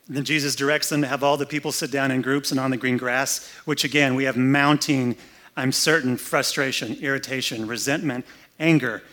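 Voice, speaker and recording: A man's voice: medium pitch, fairly even intonation, moderate pace, a bit bright. A pastor giving a conversational, humorous sermon indoors, acting out the story as he goes. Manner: conversational, humorous, acts out scenes. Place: air-conditioned room, indoors.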